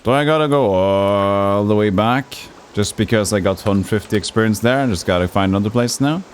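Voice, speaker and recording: A man's voice: on the low side, fairly quick, smooth. A man casually commenting while streaming an old role-playing game, rambling and joking. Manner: rambling, joking, mimics characters.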